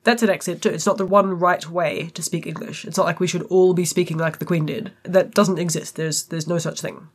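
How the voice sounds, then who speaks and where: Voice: mid-range voice, fairly even intonation, a little fast, hardly any pauses. A podcast co-host with a New Zealand accent, explaining points in a casual, matter-of-fact way. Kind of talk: casual discussion.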